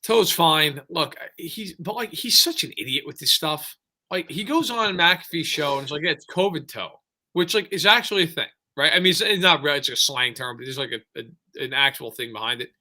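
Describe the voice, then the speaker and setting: A man co-hosting a sports podcast, talking casually and ranting excitedly with frequent restarts. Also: a little high, normal speed. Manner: excitable, animated rants with lots of restarts. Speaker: podcast co-host.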